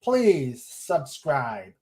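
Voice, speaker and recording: A man hosting a casual livestream chat, laughing easily and speaking in an unhurried way. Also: mid-range voice, huge pitch swings, darkish tone. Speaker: host.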